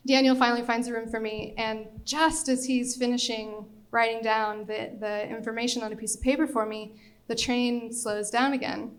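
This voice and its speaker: Young female storyteller, animated delivery, voices the other people in her tale, a bit high-pitched. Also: normal speed. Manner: lively, animated, acts out quoted voices. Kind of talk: live storytelling on stage.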